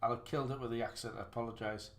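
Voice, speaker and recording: In a medium-pitched voice with fairly even intonation, a man races through casual live commentary on his snooker game. He's a gaming livestreamer who keeps teasing his own play, rambling and restarting as he goes.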